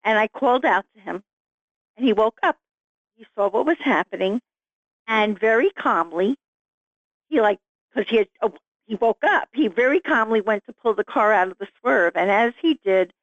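A middle-aged woman, an author guest, telling her story in an animated, vivid way. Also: a little high, normal speed, long pauses, dry recording. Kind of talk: storytelling interview. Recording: dull lo-fi sound, dry.

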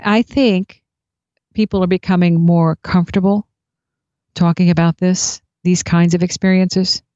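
Woman with a low mellow voice, slow reflective storytelling, dry dull lo-fi sound. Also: no room sound. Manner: reflective, unhurried anecdotal telling. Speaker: speaker sharing spiritual experiences. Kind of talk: personal storytelling. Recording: dull lo-fi recording.

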